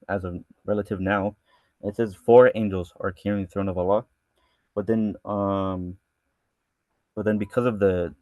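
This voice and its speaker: A man's voice: lowish voice, a little mellow, no room sound. A man teaching a verse-by-verse scripture lesson who reads each Arabic line and then explains it casually, often restarting his sentences. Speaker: religious studies teacher.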